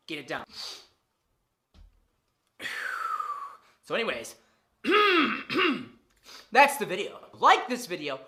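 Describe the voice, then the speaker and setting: Woman in her 30s ranting at the camera, swears a lot, says stuff over and over, voice jumps all over the place. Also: mid-range voice. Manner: animated, profane, emphatic repetition. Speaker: fitness vlogger. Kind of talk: casual vlog monologue.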